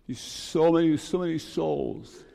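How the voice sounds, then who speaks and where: Older pastor in reverberant church. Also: male voice, a little high, a little slow, creaky, mellow. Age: 60s. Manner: earnest, repeats phrases for emphasis. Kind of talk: farewell sermon. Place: church sanctuary.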